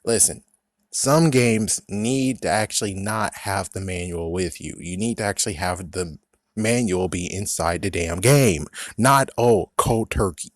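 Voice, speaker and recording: A man's voice: low voice, measured pace, dry recording, clean studio sound. A young man in a profane, angry rant reviewing a video game, mocking its designers in put-on voices. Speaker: gaming vlogger.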